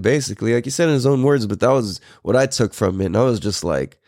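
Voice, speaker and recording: A man's voice: fairly low pitch, fairly quick, few pauses, darkish tone, no room sound. Man in his thirties, podcast host, rambling casual storytelling, dry close sound. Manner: rambling, profane, many fillers like "like" and "dude".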